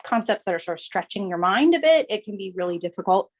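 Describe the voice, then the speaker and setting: A woman's voice: mid-range voice, lively intonation, quick pace. A woman taking part in an online course, thinking aloud about how she learns, with hesitant restarts. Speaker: course participant. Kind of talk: reflective casual talk.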